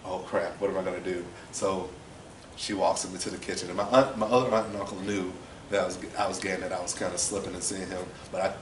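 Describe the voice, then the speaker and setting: Candid young man telling a story. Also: lowish voice. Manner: candid, rambling, with fillers. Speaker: interviewee. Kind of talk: personal storytelling. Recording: roomy, distant, noisy ambience.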